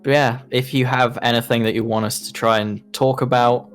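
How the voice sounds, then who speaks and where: A British man co-hosting a casual gaming podcast, rambling and hesitant, often pausing with fillers. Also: mid-range voice, level tone, faint music behind. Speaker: podcast co-host. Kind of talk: casual chat.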